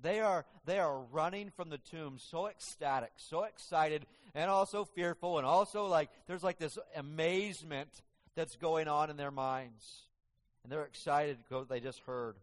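A man preaching a sermon as pastor, swinging from hushed, low passages to emphatic, raised ones. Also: normal speed, big-room sound. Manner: dramatic, swings from hushed to emphatic, acts out quoted voices.

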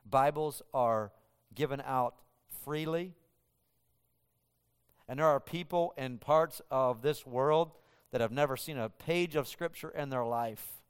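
A man from the United States preaching a sermon, moving between loud emphatic lines and hushed ones. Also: mid-range voice, slow pace, smooth. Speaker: pastor. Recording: long hall reverb.

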